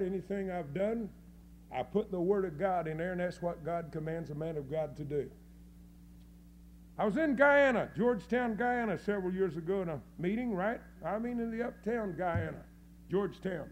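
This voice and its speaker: A man preaching a fiery sermon, folksy and scornful, dropping to low mutters and rising to loud cries. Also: lively intonation, moderate pace, a little hiss or hum. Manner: folksy, scornful, with mocking quoted voices.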